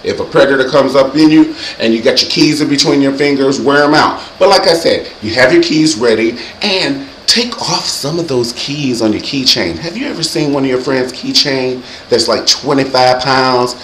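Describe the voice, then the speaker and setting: A man hosting his own show, giving comedic safety advice in a sassy, animated way and acting out loud yells. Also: mid-range voice, normal speed, few pauses, echoey room, slight background noise, rough recording. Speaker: vlog host.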